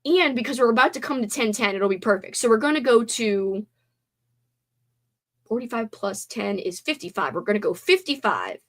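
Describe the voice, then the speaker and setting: A fairly high, animated and fairly bright voice belongs to a young woman chatting casually with her livestream viewers at a moderate pace. Giggly and bubbly, she reacts to chat despite lingering tiredness from a sleepover.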